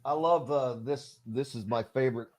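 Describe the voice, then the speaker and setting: A man hosting a casual sports radio talk show, halting and restarting often. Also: mid-range voice, a little mellow.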